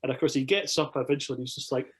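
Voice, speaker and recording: A man with a Scottish accent, swearing freely as he tells animated anecdotes in a casual podcast chat. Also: medium pitch, very fast, a little hiss or hum, low-quality recording.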